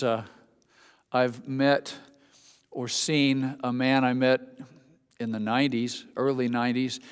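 A man's voice: medium pitch, clean tone. A man preaching a sermon as a pastor, telling folksy stories between scripture. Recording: long hall reverb.

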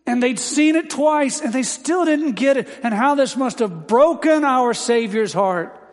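A man preaching a sermon as pastor, building from calm teaching to emphatic, impassioned peaks. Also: very high voice, measured pace, in a large hall.

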